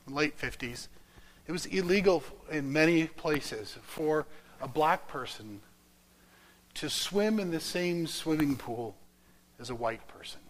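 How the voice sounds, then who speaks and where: A man preaching a sermon through a story, rising loud and then dropping to a whisper. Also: on the high side, animated, a little slow, slight background noise, rough recording. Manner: dramatic, swinging from loud to whispered.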